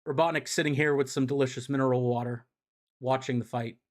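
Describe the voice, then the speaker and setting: Rambling, profane comic recapper. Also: male voice, mid-range voice, steady tone, fast talker. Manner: rambling, profane and chatty, with many fillers. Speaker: streamer. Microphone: streaming mic.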